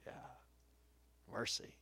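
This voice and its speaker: A man's voice: slow, pushed and bright, slight background noise. A male pastor preaching a sermon with emphatic stress, folksy asides and changing pace.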